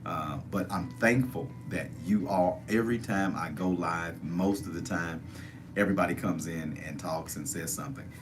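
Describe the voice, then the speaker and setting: A man's voice: low-pitched, normal speed, background noise. A man hosting a casual livestream, repeatedly urging viewers to join the chat and give thumbs up. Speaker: livestream host.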